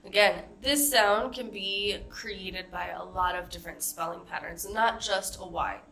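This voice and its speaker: Slow, bright-voiced American woman teaching pronunciation. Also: mid-range voice, creaky. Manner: slow, carefully modeled example words. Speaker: accent coach. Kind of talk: pronunciation lesson.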